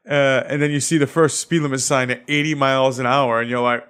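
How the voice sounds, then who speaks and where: A man's voice: medium pitch, fairly even intonation, brisk, few pauses, fairly bright tone, clean tone. Profane ranting man with a Boston accent. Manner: profane, ranting, laughs at own jokes. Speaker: podcast host and comedian. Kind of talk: solo comedic podcast rant.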